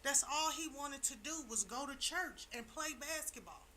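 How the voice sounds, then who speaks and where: A woman's voice: high voice, animated, normal speed, sharp tone, slight background noise. A middle-aged woman talking on a chat show, telling her story emphatically and repeating her key lines like a preacher. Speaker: talk show panelist. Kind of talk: casual chat.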